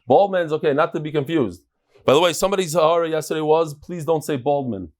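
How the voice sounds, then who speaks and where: A man teaching a daily Talmud class to a live group in a study hall. He talks in an animated, joking way and walks through a chart. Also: a little high, fast talker. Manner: animated, joking, explains with a chart and laser pointer.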